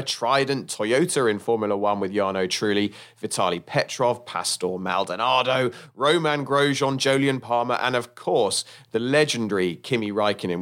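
A man's voice: mid-range voice, a bit bright. A middle-aged man hosting a podcast, chatting casually and rambling a little between topics. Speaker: podcast host.

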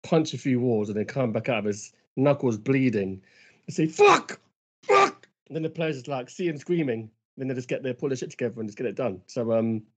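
Mellow-voiced man telling anecdotes. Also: medium pitch, fast talker. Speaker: podcast co-host. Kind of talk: casual podcast chat. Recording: dull lo-fi sound.

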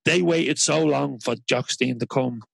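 Gravelly-voiced man, dry close sound. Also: mid-range voice, measured pace, no room sound, low-quality recording. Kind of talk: casual interview chat.

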